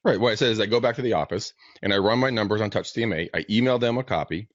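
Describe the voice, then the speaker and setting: A man's voice: on the low side, very fast, dry recording. A man who works as a real estate agent, chatting casually on a show and acting out both sides of the conversations in his stories. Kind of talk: casual podcast chat, storytelling. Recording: dry, slightly dull livestream audio.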